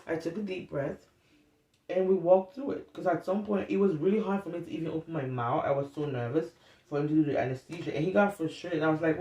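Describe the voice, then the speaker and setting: A woman with a low, warm voice talks at a quick pace in a casual, unscripted self-help vlog, rambling candidly and cursing freely. It's recorded on a distant mic, sounding roomy with faint noise.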